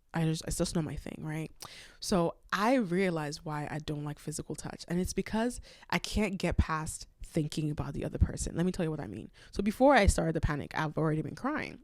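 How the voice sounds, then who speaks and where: A woman's voice: low voice, no echo, clean studio sound. A young woman hosting a solo podcast, telling a rambling, self-aware story with a congested voice from a cold. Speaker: podcast host.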